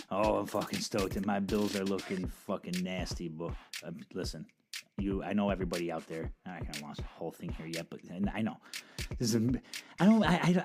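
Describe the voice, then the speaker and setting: Rambling, foul-mouthed podcast host, low voice. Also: male voice. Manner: rambling, profane, with many fillers and restarts. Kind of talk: casual monologue. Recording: music playing behind.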